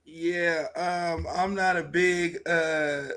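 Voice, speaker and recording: A man's voice: fairly high pitch, steady tone, extremely slow, fairly bright tone. A man from California co-hosting a casual music review stream, blunt and slangy, hesitating with lots of fillers. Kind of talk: casual livestream chat.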